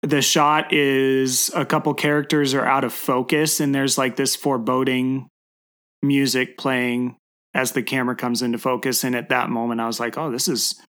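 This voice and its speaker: A man with a medium-pitched voice, talking about a film score on a podcast. He sounds enthusiastic and uses fillers and restarts. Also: flat delivery, moderate pace, fairly bright tone. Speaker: podcast guest. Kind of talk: casual movie chat.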